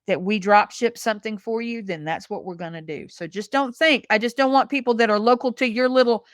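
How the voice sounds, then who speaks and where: A woman's voice: on the high side, brisk, no room sound, clean studio sound. A woman in her fifties, a podcast guest talking in a folksy, earnest way and calling people honey. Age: 50s. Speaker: guest, massage industry representative. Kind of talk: casual podcast conversation.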